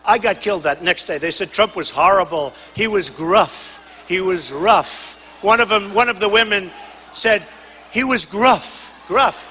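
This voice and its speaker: An older man giving a campaign rally speech at a podium microphone, boastful and repetitive, often shouting to the crowd. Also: sits high, unhurried, long reverb tail, poor audio. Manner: boastful, repetitive, punchy phrases. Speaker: political candidate at a rally. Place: large rally venue.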